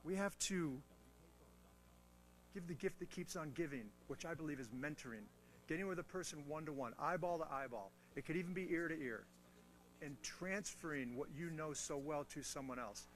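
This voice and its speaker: A man's voice: fairly high pitch, normal speed, a little hiss or hum. A man giving a motivational talk on mentoring to a military audience, telling stories with playful asides and teasing humor. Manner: animated storytelling with self-mocking asides. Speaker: guest speaker on mentoring.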